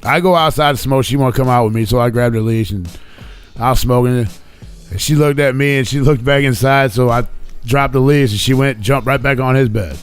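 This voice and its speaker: A man's voice: medium pitch, fairly quick, smooth, soft background music. A man on a live podcast telling a rowdy story in casual chat, swearing often and acting out what people said. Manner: animated, profane storytelling, acts out quoted lines. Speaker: podcast co-host.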